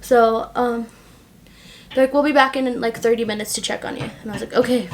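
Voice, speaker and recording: A young woman vlogger telling a personal story casually while doing her makeup, filling her talk with "like" and retelling what people said in an animated way. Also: on the high side, fairly quick, a little hiss or hum. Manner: chatty, heavy use of "like", animated retelling. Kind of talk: casual get-ready-with-me storytelling.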